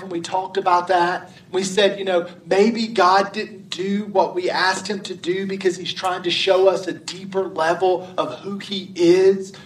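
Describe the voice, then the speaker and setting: Pastor, male, high voice, chatty sermon delivery, roomy sound from off-mic. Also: a bit bright, recorded from a distance. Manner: conversational preaching with repeated restarts.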